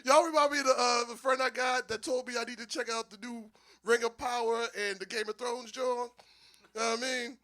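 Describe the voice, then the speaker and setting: A man's voice: very high voice, a little fast. A man from doing a stand-up comedy set, telling loose stories and laughing often at his own jokes. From Philadelphia. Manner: loose, animated storytelling with frequent laughs. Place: small live venue with audience.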